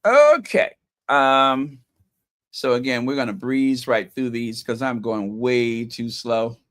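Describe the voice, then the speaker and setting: A man's voice: medium pitch, expressive, slow pace, fairly bright tone. A man hosting a casual commentary vlog, reading headlines aloud with sarcastic asides and chuckles, his voice a bit scratchy. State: slightly scratchy voice. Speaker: channel host.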